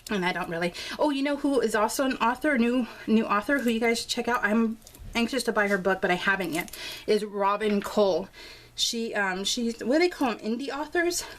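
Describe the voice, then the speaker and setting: A woman's voice: on the high side, expressive, fairly quick. A woman in her forties chatting casually while crafting, telling a story with lots of fillers and laughs. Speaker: scrapbooking vlogger.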